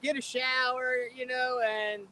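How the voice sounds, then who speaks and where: A man's voice: very high-pitched, flat delivery, unhurried, pushed and bright, slight background noise. A man with a Philadelphia accent, chatting casually on a live fishing stream from his boat, laid-back and chuckling as he greets viewers by name. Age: adult, middle-aged or older. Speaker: fishing vlogger reading live chat. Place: boat on a river at dusk, outdoors.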